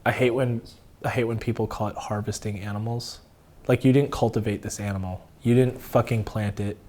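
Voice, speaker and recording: Profane, animated man telling stories. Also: fairly low pitch, fairly quick. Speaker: podcast guest. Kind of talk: casual podcast conversation.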